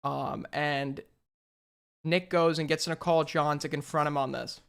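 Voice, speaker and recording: A man hosting a casual reaction commentary, sarcastic and animated, swearing freely. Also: on the high side, moderate pace, vocal fry, clear, resonant tone. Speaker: commentary host.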